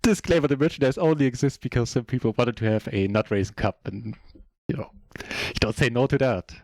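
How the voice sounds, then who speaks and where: A German man whose first language is German, chatting casually in a relaxed, self-deprecating way while commentating his own poker game on a live stream. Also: medium pitch, brisk, gravelly, dry recording, studio quality.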